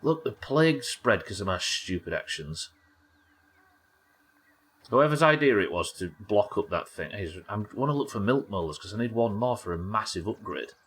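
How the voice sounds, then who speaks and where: A man's voice: lowish voice, expressive, moderate pace, a bit bright, breathy edge. An English man casually commentating a live game stream, wry and sweary, bantering with his viewers as he plays. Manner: wry, sweary, chatting to viewers while playing.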